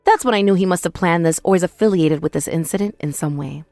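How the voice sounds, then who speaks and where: A woman's voice: lowish voice, quick pace, darkish tone, dry recording. Young woman, first-person story narration, indignant, accusing, dry sound, faint music behind. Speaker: narrator and protagonist.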